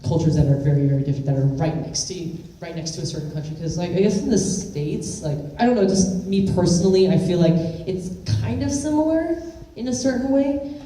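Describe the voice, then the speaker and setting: A woman's voice: on the low side, lively intonation, fairly quick, warm tone. A woman giving chatty, giggly interview answers full of fillers, recorded from a distance in a large echoey room. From California. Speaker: interview guest. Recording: echoey room, speaker far from mic.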